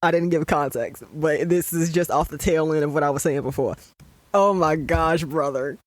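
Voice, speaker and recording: A young adult podcast host talks through a show in a loose, swearing rant, worked up and exasperated. The voice sits at an ordinary middle pitch, recorded close and dry with no room sound. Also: a little fast, a little mellow, no echo. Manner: ranting, profane and exasperated. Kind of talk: casual show commentary.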